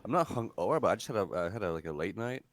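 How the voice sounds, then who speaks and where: Deep-voiced laid-back male guest. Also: big pitch swings, racing, background noise. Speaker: podcast guest. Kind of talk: casual chat.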